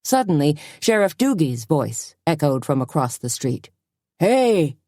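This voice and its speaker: A woman narrating a cozy mystery audiobook in an even, measured storytelling manner. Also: low-pitched, no echo, clean studio sound.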